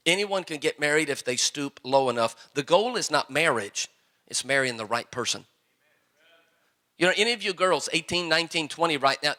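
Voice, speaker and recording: Pastor guy preaching, bright voice, kinda high, tells jokey stories. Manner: folksy, joking storyteller preaching to young people. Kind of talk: sermon.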